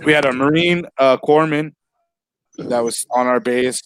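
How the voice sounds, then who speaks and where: A man's voice: mid-range voice, measured pace, a bit bright, clear, resonant tone, no room sound. A man hosting a casual video-call chat, rambling and laughing easily. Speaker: host.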